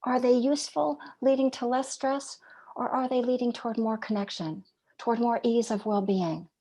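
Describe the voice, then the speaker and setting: A woman giving a reflective dharma talk as a meditation teacher. She speaks gently and in a measured way, asking rhetorical questions and dropping some phrases to a near whisper. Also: fairly high pitch, steady tone.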